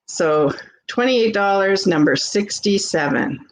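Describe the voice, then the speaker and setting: A woman with a Canadian accent, hosting a live vintage sale and chatting warmly with viewers as she shows jewelry. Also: mid-range voice, expressive, takes it slowly, poor audio. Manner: chatty and gushing, greets viewers by name. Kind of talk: casual live-stream selling.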